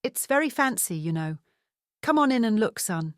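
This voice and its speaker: A woman's voice: on the high side, big pitch swings, normal speed, no room sound, studio quality, pitched above the performer's own voice. A woman voicing a motherly, fussing mother in her early seventies. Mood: fond. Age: 70s. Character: warm older mother, fussing.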